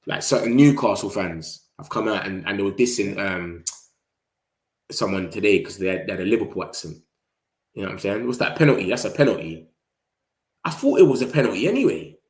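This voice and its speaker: A man's voice: lowish voice, darkish tone. Slangy young man, echoey room. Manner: rambling, slangy, reacts to the match. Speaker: football vlogger. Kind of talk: casual live-stream chat.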